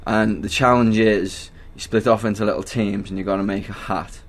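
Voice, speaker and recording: A man's voice: fairly low pitch, fairly even intonation, normal speed. A man co-hosting a comedy podcast, swearing and grumbling about work in casual banter. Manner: sweary, grumbling, laughs often.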